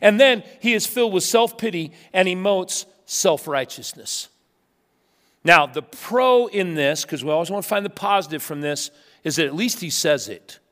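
A man with a notably high voice delivers a lively sermon in a church sanctuary. He tells stories with humor and swings from near-shouts to quiet, pointed remarks. His voice rings out with the long reverb of a big hall. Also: moderate pace. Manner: animated storytelling with humor, swinging from loud to hushed. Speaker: pastor.

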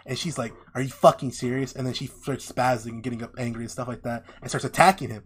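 A young man in casual chat, retelling a story with lively acted-out voices and lots of swearing. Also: mid-range voice, fast talker. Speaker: podcast co-host. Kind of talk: casual chat, animated retelling of an anime plot.

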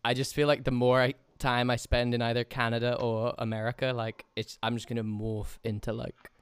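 A young man chatting casually with a friend, relaxed, laughing often and swearing freely. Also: medium pitch, a little fast, smooth, dry recording, clean studio sound. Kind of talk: casual chat.

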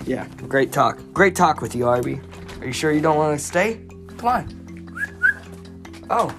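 Young woman, low voice, slow ramble, stutters and repeats, self-deprecating podcast host, faint music underneath. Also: expressive. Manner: self-mocking, jumps between loud outbursts and mumbling. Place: home recording studio room with her dog.

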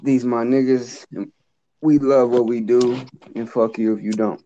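A man's voice: medium pitch, fairly even intonation, a little slow, mellow, slight background noise. A man hosting a podcast in casual chat, laid-back and slangy with a lot of swearing. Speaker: podcast host. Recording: dull lo-fi audio.

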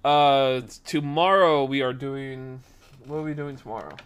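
A man's voice: medium pitch, moderate pace, clean tone. A man in his twenties casually telling a rambling story on a podcast stream, with lots of fillers. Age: 20s. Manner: rambling, animated retelling with frequent fillers.

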